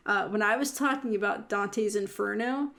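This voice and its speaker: A woman's voice: mid-range voice, moderate pace, creaky, a bit bright. A woman co-hosting a podcast in casual chat, rambling with fillers and giggling often. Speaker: podcast co-host.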